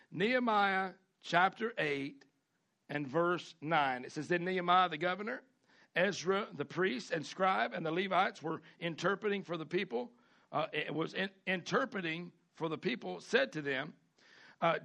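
A male pastor preaching a sermon, animated, jumping between a loud delivery and mimicked whining voices. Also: creaky. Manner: animated preaching with dramatic pitch swings and mimicked complaining voices.

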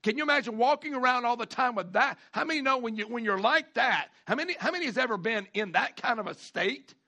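Male pastor, high bright voice, folksy sermon delivery with call-and-response. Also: lively intonation. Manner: folksy preaching with call-outs, repeats and drawn-out emphasis.

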